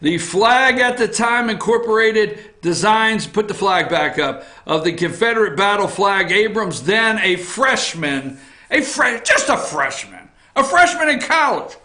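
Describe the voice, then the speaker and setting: A man hosting a political opinion show from an office, ranting bluntly with swearing, repetition and frequent shouting. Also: high-pitched, lively intonation, a little slow, reverberant. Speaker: talk show host.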